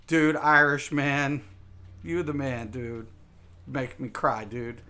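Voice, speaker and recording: A man's voice: medium pitch, flat delivery, takes it slowly, sharp tone. A man streaming a game live, chatting casually with viewers in a rambling, emphatic way, repeating words and saying "dude" a lot. He sounds a little tipsy.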